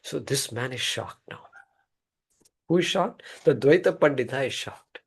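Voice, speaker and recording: Animated man telling a story. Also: medium pitch, a little slow, gravelly, breathy edge. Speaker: teacher. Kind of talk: storytelling in a scripture class.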